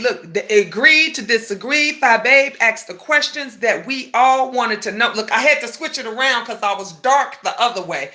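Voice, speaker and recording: A middle-aged woman hosting a casual livestream from her bathroom, greeting chatters excitedly, laughing often and bantering in slang. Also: on the high side, moderate pace, hardly any pauses. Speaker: livestream host. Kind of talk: casual live chat reading comments.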